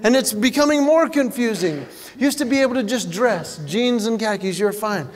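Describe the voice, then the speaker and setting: A man's voice: sits high, animated, normal speed, in a large hall. A middle-aged man performing a stand-up comedy routine, telling stories and jumping into exaggerated voices for punchlines.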